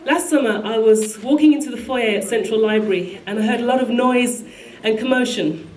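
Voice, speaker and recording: Female tribute reader, solemn and measured, higher voice, reverberant hall. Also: a little mellow. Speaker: tribute speaker. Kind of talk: reading a memorial tribute. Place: large hall at a live event. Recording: echoey hall with faint music.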